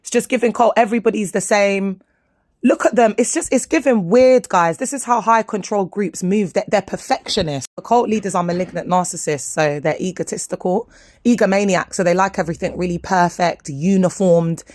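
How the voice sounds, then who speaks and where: A woman, talking straight to her viewers over photos in an indignant, animated commentary, full of slang. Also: fairly quick. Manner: animated, indignant, slangy, swings between low asides and high exclamations. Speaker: vlogger speaking out about her former church.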